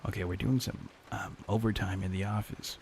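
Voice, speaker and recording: A man's voice: lowish voice, little pitch movement, brisk, creaky, slight background noise. A young man streaming, chatting casually and profanely with his viewers, peppering his talk with "like" and "dude". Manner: loose and profane, lots of "like" and "dude". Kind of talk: casual chat with live chat.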